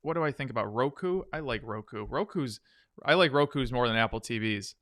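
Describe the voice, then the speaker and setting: A man's voice: medium pitch, lively intonation, a little fast, fairly bright tone, no room sound, clean studio sound. A man hosting a live stock trading stream, chatting casually with viewers and talking through charts. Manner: chatty, answers viewer questions while reading charts; hums 'dun dun dun' between tickers. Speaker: stock trading livestream host. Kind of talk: casual live market commentary.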